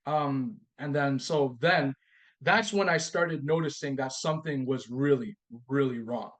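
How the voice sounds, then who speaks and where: A man appearing as a podcast guest tells a personal story in a medium-pitched, slightly slow voice. His storytelling is animated: he acts out both sides of the dialogue and often repeats and restarts his phrases.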